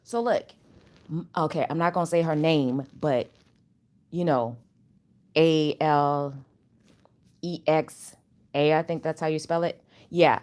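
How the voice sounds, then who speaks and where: A woman chatting at home in a casual spiritual vlog, animated and rambling, with loose slangy talk. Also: low voice, slow, long pauses. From Chicago area. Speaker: channel host.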